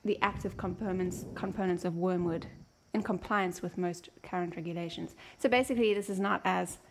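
A woman's voice: on the low side, steady tone, brisk, slight background noise. A woman co-hosting a casual podcast, teasing her partner and laughing often. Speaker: podcast co-host. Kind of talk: casual chat.

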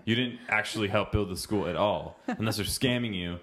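A man's voice: fairly low pitch, fairly quick, a bit bright. A young man, tipsy from wine, joking and swearing his way through a rambling casual chat.

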